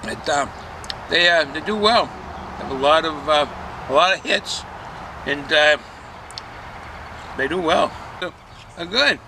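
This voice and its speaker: A man's voice: fairly high pitch, measured pace, gravelly, pauses often, noisy background. An older man chatting casually as a beer reviewer, rambling with many fillers and restarts. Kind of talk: casual chat.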